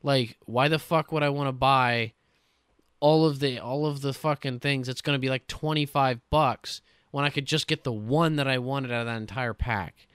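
A man ranting excitedly on a casual gaming podcast, swearing often. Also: medium pitch, normal speed, smooth, no room sound, studio quality. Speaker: podcast co-host.

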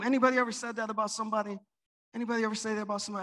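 A man preaching a sermon in church, calling out to the congregation and swinging between loud and soft. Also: high voice, flat delivery, racing. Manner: call-and-response preaching, rising and dropping volume. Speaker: pastor. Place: church with an in-person and online congregation.

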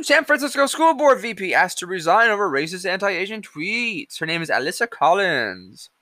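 A man's voice: high-pitched, sing-song, moderate pace, few pauses, sharp tone, no echo. A man hosting a podcast, ranting casually about politics, sarcastic and profane, drifting off into hummed filler between stories. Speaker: podcast host.

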